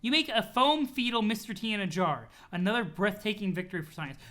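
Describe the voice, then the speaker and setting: A streamer casually chatting with viewers and reading a webcomic aloud, in an animated, chatty way with casual swearing. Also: medium pitch, brisk. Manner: thanks chat followers, talks to viewers.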